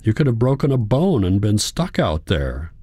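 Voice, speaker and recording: A man's voice: fairly low pitch, sing-song, moderate pace, warm tone, no echo, voice pushed up. An earnest, worried young woman, a student pleading with her grandfather in a storybook reading, as a man raises his voice to play her. The delivery is close and dry, with no room around it.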